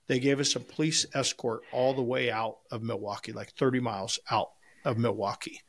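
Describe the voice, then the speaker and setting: Gravelly, mid-pitched man; casual podcast co-host, rambling storyteller with a salty mouth. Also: fairly even intonation, normal speed, hardly any pauses. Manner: rambling anecdotes with frequent restarts, salty language. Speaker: podcast co-host and competition barbecue cook.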